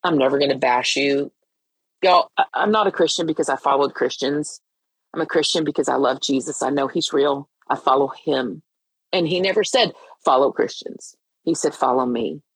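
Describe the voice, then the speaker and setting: A middle-aged woman speaks heartfelt and earnest on her podcast, stumbling and restarting as she goes. Her voice is husky and a little breathy, as if she has been crying. The sound is dry and close, with no room around it. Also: very deep voice, moderate pace, no echo, low-quality recording. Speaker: podcast host. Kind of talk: personal faith podcast talk.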